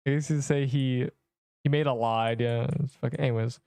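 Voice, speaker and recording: A man's voice: mid-range voice, fairly even intonation, moderate pace, creaky, warm tone, clear, resonant tone, no echo. Rambling, slangy man streaming a game. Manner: rambling, slangy, says "bro" a lot, swears casually. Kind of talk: casual gameplay livestream commentary.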